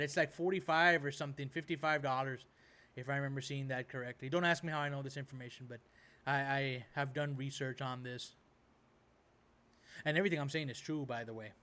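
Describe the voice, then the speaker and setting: A man's voice: a little high, fairly bright tone. A man hosting a reaction video, ranting casually in a rambling way and tossing in "right?" and "bro" as he goes.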